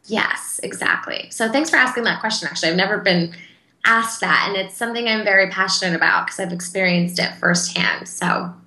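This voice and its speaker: A woman's voice: mid-range voice, sharp tone, roomy sound, rough recording. A woman interview guest speaking in a casual, earnest and heartfelt way, with frequent fillers. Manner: earnest, heartfelt, talks in quick bursts with fillers.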